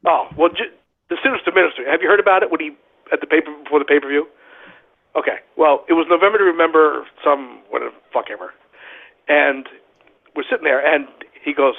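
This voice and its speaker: A man spins wild stories in a rambling, profane way, checking in with "right?" as he goes. His voice sits a little high and husky, squeezed through a thin, phone-like line. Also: fast. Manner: animated, profane anecdote-telling with frequent "right?". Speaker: guest, former pro wrestler. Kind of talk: casual storytelling on a podcast.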